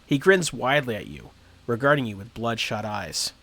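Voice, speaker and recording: A man's voice: mid-range voice, big pitch swings, moderate pace, sharp tone. A man streaming a game live, reading its text aloud and chatting about his choices.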